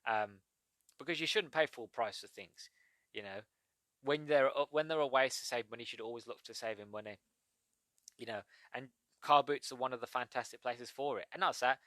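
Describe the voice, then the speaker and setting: A British man talks through his podcast in a chatty, rambling way, drifting from point to point. His tone is bright and clear. The sound is dry and close, with no room around it. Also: mid-range voice, a little fast, dry recording. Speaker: podcast host. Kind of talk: casual solo podcast monologue.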